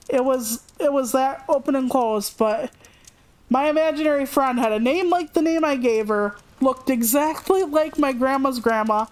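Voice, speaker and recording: A young adult woman streamer casually telling a personal story, chatty and animated, raising her voice to act out what others said. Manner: chatty, animated, acts out quotes with raised pitch.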